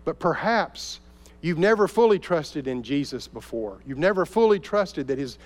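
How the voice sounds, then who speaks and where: A man preaching a sermon as a pastor, telling a story and dropping to soft, intense tones at key moments. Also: on the high side, lively intonation, moderate pace. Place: church sanctuary. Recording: long reverb of a large hall.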